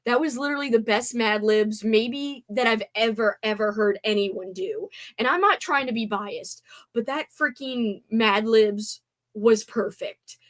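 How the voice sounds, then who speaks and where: Young female streamer, slightly high-pitched, bubbly and giggly, a bit worn out. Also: a little slow. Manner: bubbly, giggly, reacts to chat. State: tired after a sleepover. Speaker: livestream host. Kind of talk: casual livestream chat.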